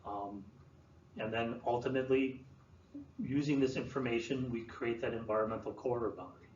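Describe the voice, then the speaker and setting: A man presenting to an audience, explaining in a relaxed way with many fillers and restarts. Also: medium pitch, a little fast. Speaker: land use planner presenting. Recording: roomy, distant, dull sound with faint room noise.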